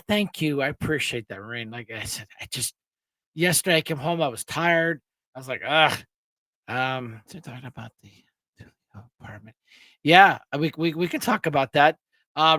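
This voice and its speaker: A show host from Pennsylvania runs a casual live-stream chat, rambling, laughing, and restarting often, with a slightly sore throat. His voice is medium-pitched with a sharp tone, and there's no room sound.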